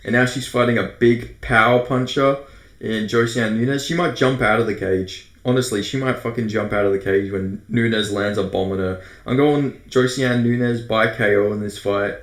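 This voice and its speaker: A man's voice: fairly low pitch, fairly even intonation, moderate pace. Australian man rambling through fight picks. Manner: rambling, profane, self-correcting. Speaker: MMA predictions host. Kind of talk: casual fight breakdown monologue. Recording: roomy echo.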